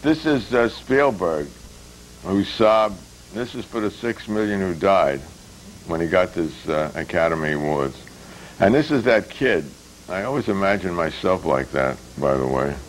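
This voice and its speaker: An older man hosts a public access TV show. He talks in a rambling, casual way, with wry deadpan jokes, many fillers and restarts. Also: sits low, unhurried, a little hiss or hum, rough recording. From United States.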